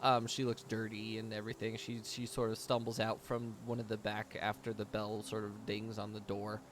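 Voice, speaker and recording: A man's voice: lowish voice, completely flat delivery, moderate pace, slight background noise. A man narrating as game master in a tabletop game, casual and laughing, with lots of fillers.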